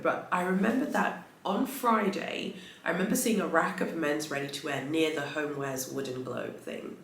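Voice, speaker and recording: A woman's voice: low-pitched, a bit bright, slight background noise. A woman vlogger telling a story in a chatty, rambling way, full of fillers and restarts. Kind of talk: casual storytelling vlog. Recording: roomy echo.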